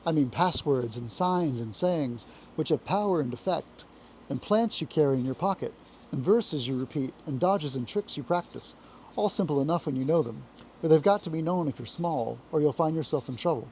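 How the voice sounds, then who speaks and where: A man's voice: on the high side, expressive, a little mellow, slight background noise, low-quality recording. Man voicing a kindly, cheerful storybook water rat. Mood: soothing. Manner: soothing, cheerful and brisk. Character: kindly brave male water rat, good-natured.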